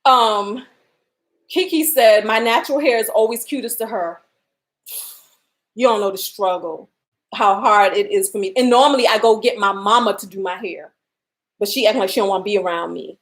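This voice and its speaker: A woman runs a casual giveaway livestream from home, chatting, laughing, and reading out viewer comments. Her mid-range voice is fairly bright, at a moderate pace.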